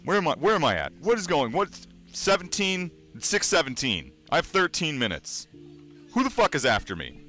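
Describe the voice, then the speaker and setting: Young male streamer, bright lively voice, sarcastic and foul-mouthed, faint music under. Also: on the high side, normal speed. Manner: loud, sarcastic, swearing freely. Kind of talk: casual profane stream rant.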